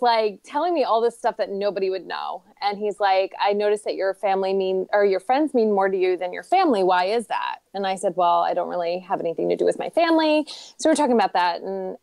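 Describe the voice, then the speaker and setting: Gravelly woman telling an earnest story. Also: medium pitch, a little mellow, no echo. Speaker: panel guest. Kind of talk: casual livestream chat.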